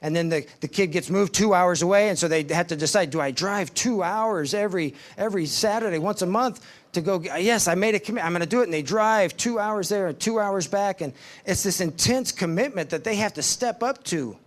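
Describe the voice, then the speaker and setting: Man telling devotional stories, slightly high. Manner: storytelling, acts out quoted voices, slows for emphasis. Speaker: speaker at a ministry summit.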